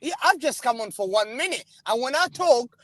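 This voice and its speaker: A man's voice: extremely high pitch, animated, normal speed, crowd noise. A man arguing insistently in a heated fan debate over a video call, talking over the others. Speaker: guest panelist.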